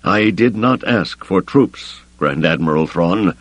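A man voicing an unstable older male Jedi Master who speaks slowly and imperiously, in an audiobook reading. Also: deep voice, expressive, no room sound. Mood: curt. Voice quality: slow, deliberate, commanding.

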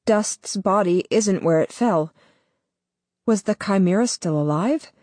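A woman narrating a novel in the first person, measured and deliberate. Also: mid-range voice, darkish tone, dry recording. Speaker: audiobook narrator.

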